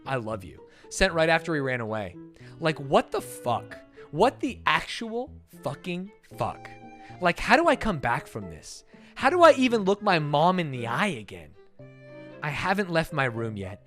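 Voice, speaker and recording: A man performs a dramatic reading of an online post, and his pitch swoops and jumps all over. He keeps cutting in with sarcastic, mock-outraged commentary. Quiet music plays faintly behind him. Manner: animated and sarcastic, swings into loud mock-outraged rants. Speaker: YouTuber reading a Reddit post aloud.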